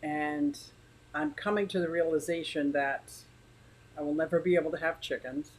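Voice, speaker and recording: A woman's voice: low-pitched, moderate pace, vocal fry, poor audio. A woman hosting a casual livestream from her living room, rambling chattily and greeting viewers by name. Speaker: aquarium channel host.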